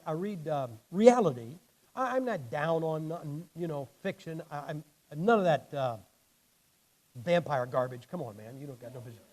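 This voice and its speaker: A man's voice: fairly high pitch, a little mellow, poor audio. A man in his sixties preaching a sermon in a blunt, folksy, emphatic way, his damaged vocal cords leaving him short of air at the ends of sentences.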